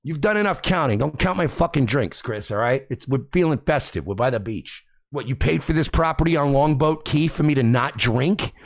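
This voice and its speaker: Loud ranting male streamer, gravelly, swings high and low, profane and combative. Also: animated, normal speed, hardly any pauses. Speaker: livestream host. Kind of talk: ranting livestream commentary. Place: home by the beach.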